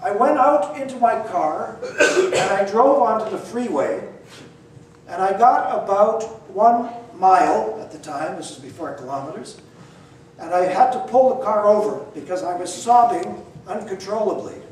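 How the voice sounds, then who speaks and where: An older man telling a personal story in an animated, self-deprecating way, acting out the dialogue himself. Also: sits high, measured pace. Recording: echoey room, distant mic, faint noise.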